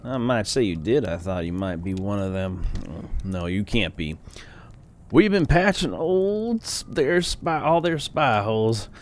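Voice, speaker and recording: A man's voice: on the low side, very animated, unhurried, a little hiss or hum, voice pushed up. A man voicing an absent-minded old man who mumbles, trails off and forgets what he was saying.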